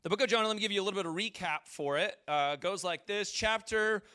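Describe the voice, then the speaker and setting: A man's voice: high-pitched, quick pace, pushed and bright, clear, resonant tone, no room sound. A male pastor giving a casual, joking sermon and asking his audience questions. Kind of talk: conversational sermon.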